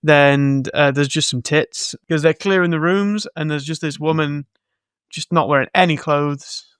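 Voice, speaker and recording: A man with a slightly raised speaking pitch rambles through a film recap, cracking sarcastic jokes as he goes. His voice sits close and dry on a podcast mic, with hardly any room sound. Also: measured pace, fairly bright tone, clear, resonant tone, no echo. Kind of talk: casual film-recap chat.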